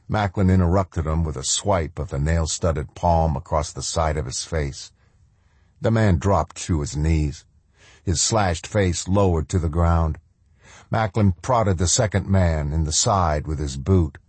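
A man narrating a story in a measured, grave storytelling manner. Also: low-pitched, a little mellow, slightly rough, no echo. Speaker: audiobook narrator. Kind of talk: scripted narration.

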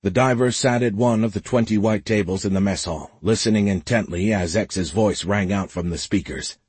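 Husky male audiobook narrator. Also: on the low side, no echo. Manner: steady, measured storytelling. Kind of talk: scripted narration.

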